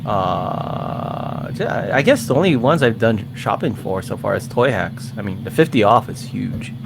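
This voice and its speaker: A man's voice: fairly low pitch, animated, measured pace, vocal fry, noisy background. A man co-hosting a casual chat over a video call, chatty and laughing often. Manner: chatty, laughs often, sharing his screen. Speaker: podcast co-host.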